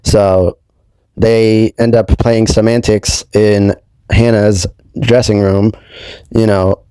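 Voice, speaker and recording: A man's voice: lowish voice, flat delivery, slow pace, mellow, smooth, dry recording. A young adult man hosting his own channel, recapping a show in a casual way, hesitant and full of ums and you-knows. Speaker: YouTube host.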